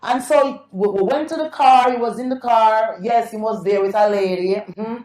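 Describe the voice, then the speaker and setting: A Jamaican woman, a reggae singer, telling animated stories about her early career in a casual interview, slipping into patois. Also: fairly high pitch, normal speed, reverberant. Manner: lively, sings snatches of songs, patois-laced.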